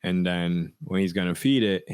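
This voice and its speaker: Low-voiced man in casual podcast chat. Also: moderate pace, a little mellow, smooth, dry recording. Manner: reflective, laughs often, many restarts. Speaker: podcast co-host.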